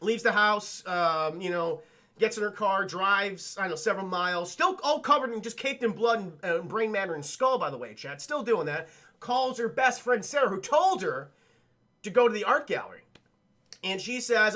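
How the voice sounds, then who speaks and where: A man casually recapping a film on a livestream, animated and profane, laughing often and acting out the characters' lines. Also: high-pitched, normal speed. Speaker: film reviewer and streamer.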